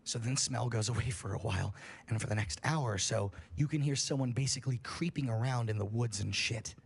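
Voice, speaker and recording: A man's voice: mid-range voice, brisk, gravelly, husky. A man on a livestream telling a scary story in a casual, profane way, building suspense. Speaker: streamer.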